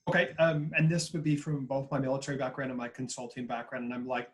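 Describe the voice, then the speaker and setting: A man's voice: medium pitch, little pitch movement, fast talker. A man in his forties, a consultant on a video-call panel, telling a story in an earnest, reflective way. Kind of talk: panel webinar talk.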